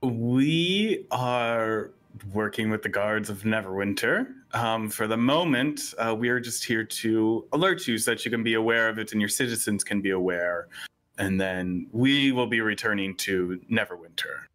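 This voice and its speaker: Low-voiced man playing a tabletop character. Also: normal speed, a bit bright. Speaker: player.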